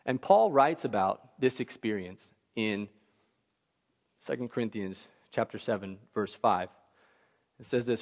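A man preaching a sermon in an animated, conversational way, full of fillers like "like" and "right?". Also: on the low side, a little slow, pauses often. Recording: long hall reverb.

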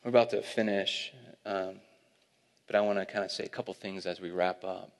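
Animated man preaching in a reverberant hall. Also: sits low, brisk. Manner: storytelling, animated, laughing at his own stories. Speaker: pastor. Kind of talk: sermon.

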